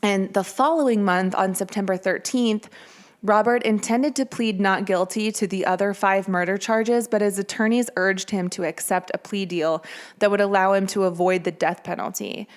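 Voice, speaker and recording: A woman's voice: mid-range voice, steady tone, moderate pace. Chatty woman hosting a podcast. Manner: chatty, conversational with fillers. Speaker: podcast host. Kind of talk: casual true-crime storytelling.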